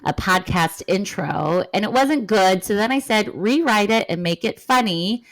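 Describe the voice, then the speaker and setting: A woman's voice: medium pitch, lively intonation, measured pace, no echo, rough recording. A woman hosting a podcast, chatting casually in a playful way. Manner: playful, reads a jokey scripted intro. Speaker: podcast host.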